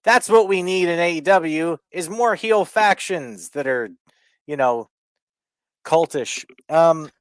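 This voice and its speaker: A man's voice: a little high, expressive, slow pace, smooth, dry recording. Casual, wisecracking male wrestling podcaster. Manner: swearing, mocking impressions of wrestlers. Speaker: podcast co-host. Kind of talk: casual wrestling recap chat.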